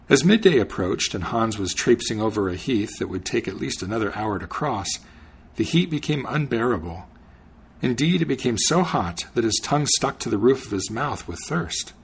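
A man hosting a podcast, reading a fairy tale aloud in an expressive storytelling manner. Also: medium pitch, creaky, slightly rough. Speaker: podcast host and reader.

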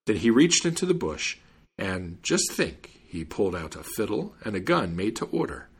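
A man reads an old fairy tale aloud, animated and expressive. His pitch moves a lot and his voice has a husky grain. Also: normal speed. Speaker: storyteller.

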